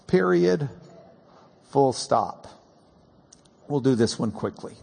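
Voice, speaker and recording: A man preaching a sermon, animated and stammering as he drives his points home. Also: medium pitch, slow pace, vocal fry, long pauses. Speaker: pastor. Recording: long hall reverb.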